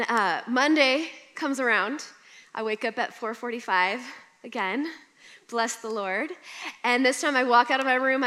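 A woman's voice: a little high, bright, forceful tone. A young woman preaching a sermon, telling personal stories in a conversational, humorous way. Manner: conversational storytelling with humor and laughter.

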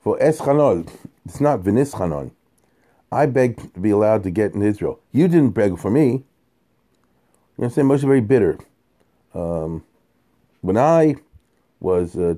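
A man teaches a Torah lesson in a loose, talky way, his voice low and very dark and mellow. He jumps up in pitch when making a point and peppers his speech with Hebrew and Yiddish terms. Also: moderate pace, long pauses. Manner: animated, conversational, heavy Yiddish and Hebrew terms. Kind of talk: informal Torah lecture.

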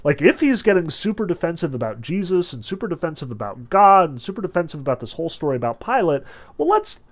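Guy explaining a novel to a class, animated, lots of "like", voice bouncing around. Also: on the high side, quick pace. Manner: animated, conversational with frequent fillers. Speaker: literature teacher. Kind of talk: lecture discussing a novel.

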